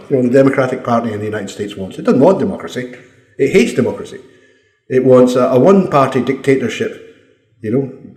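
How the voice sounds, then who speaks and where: A man's voice: medium pitch, darkish tone. A Scottish man giving a blunt, combative opinion monologue, swearing freely. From Scotland. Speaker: commentator. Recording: roomy echo.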